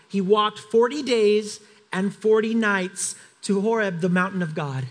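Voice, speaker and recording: Male pastor, high voice, sermon delivery that acts out scripture with feeling and talks straight to the congregation. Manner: dramatic scripture reading with voiced characters; emphatic, conversational asides.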